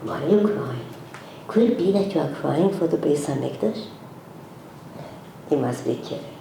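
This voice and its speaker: A woman's voice: deep voice, lively intonation, moderate pace, creaky. A woman in her seventies from Hungary, giving an emotional religious lecture full of pleading repeated questions. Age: 70s. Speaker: religious teacher. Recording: echoey room with faint noise.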